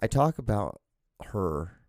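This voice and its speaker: Low, mellow-voiced man rambling solo. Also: sing-song, slow, no room sound, studio quality. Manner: rambling, self-interrupting, with frequent restarts and swearing. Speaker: podcast host. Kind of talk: casual solo podcast ramble. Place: small room at home. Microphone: podcast microphone.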